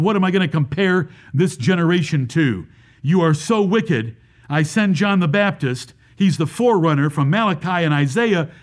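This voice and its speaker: A man preaching a sermon as pastor, emphatic, repeating lines and asking rhetorical questions. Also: high voice.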